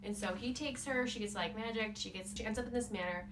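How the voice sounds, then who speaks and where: A woman's voice: on the high side, fast talker, noisy background. A woman giving a casual, playful book recap as a vlogger, leaning heavily on "like" as she retells the plot. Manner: chatty, playful, says "like" constantly. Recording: voice somewhat far from the mic.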